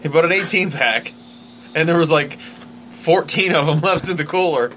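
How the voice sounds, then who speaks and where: A man's voice: fairly high pitch, moderate pace, a bit bright, slight background noise. A man co-hosting a casual podcast, easygoing and making wry asides. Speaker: podcast co-host.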